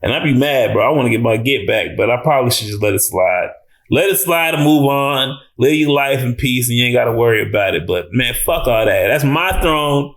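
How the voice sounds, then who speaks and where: A man giving a casual, animated reaction review of a TV episode, talking in slang, swearing and restarting often. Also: mid-range voice, a little fast.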